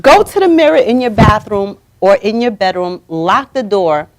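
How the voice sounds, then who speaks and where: Animated woman hosting a motivational talk. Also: mid-range voice, normal speed. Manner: animated, coaching guests to repeat affirmations. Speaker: talk show host. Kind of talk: motivational talk show chat. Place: studio or room, streamed live.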